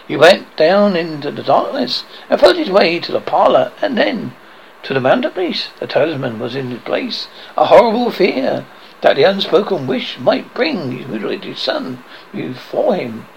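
A man narrates a horror story in a dramatic, somewhat halting read. His fairly high voice has a gravelly rasp. His pitch moves a lot as he tells it. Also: a little hiss or hum, low-quality recording. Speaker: horror host.

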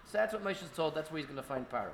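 A man's voice: fairly high pitch, expressive, rapid-fire, creaky, a little hiss or hum. A man teaching an informal Torah class at an indoor gathering, speaking in a conversational way full of fillers and restarts.

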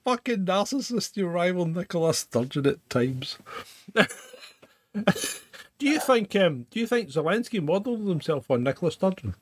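A man's voice: high-pitched, normal speed. A man co-hosting a casual podcast chat, laughing often and swearing freely. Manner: laughs a lot, swears, lively. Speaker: podcast co-host.

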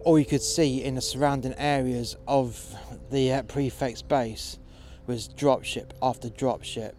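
A man narrating a first-person action story in a low-key, dramatic way with a lot of swearing. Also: fairly even intonation, unhurried, darkish tone, a little hiss or hum.

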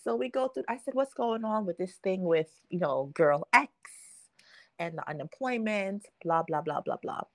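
A woman's voice: medium pitch, expressive, normal speed, no echo. A young adult woman hosting a podcast, telling a story in casual chat and acting out the quotes, laughing often. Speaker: podcast host.

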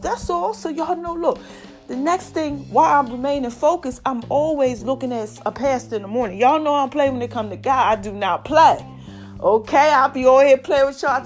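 Woman, high voice, animated casual podcast talk, soft music behind. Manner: chatty, animated, calls listeners "y'all" and "child". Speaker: podcast host. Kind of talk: casual solo podcast chat.

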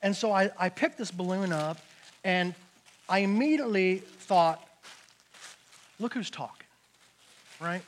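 A middle-aged male pastor preaching a sermon, telling stories with big swings from shouting to hushed speech. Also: high voice, normal speed, a little hiss or hum.

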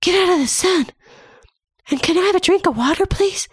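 A woman voicing a child's body as a talking figure that softly and politely pleads for care in a high voice. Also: fairly quick, dry recording, studio quality. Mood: pleading. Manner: soft, high, pleading requests.

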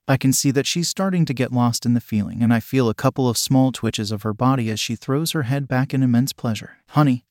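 A man narrating an erotic story in the first person with a steady, unhurried reading. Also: medium pitch, no echo, studio quality.

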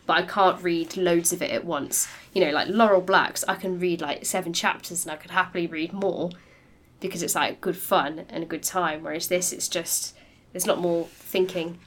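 A woman with a lowish voice chats about books on a podcast. She sounds animated and enthusiastic, and she laughs easily. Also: normal speed. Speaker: podcast co-host. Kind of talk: casual book chat.

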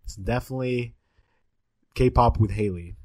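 A man's voice: mid-range voice, moderate pace, warm tone. A man co-hosting a podcast from Southern California, chatting enthusiastically about food with lots of fillers. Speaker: podcast co-host. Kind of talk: casual chat. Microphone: studio mic.

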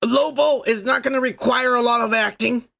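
A young man co-hosting a podcast, talking crudely and boastfully in a casual drunk chat with a raspy voice. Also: very high-pitched, fairly even intonation, moderate pace, fairly bright tone. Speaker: podcast co-host.

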